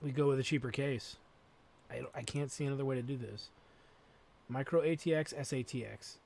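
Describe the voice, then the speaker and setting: A man's voice: medium pitch, fairly quick, vocal fry, a little mellow. A man hosting a let's play, thinking aloud as he plays and swearing freely. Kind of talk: gameplay commentary.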